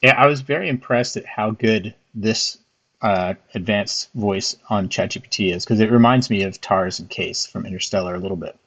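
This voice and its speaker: A man's voice: fairly low pitch, moderate pace, a bit bright. A man hosting a casual chat, hesitant, repeating words and using many fillers. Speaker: host testing an AI.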